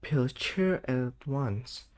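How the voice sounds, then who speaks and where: A young man, reading a novel aloud for school in a halting way, stumbling over and misreading words. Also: medium pitch, animated. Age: late teens. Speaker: student reading an audiobook. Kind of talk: read-aloud narration of a novel.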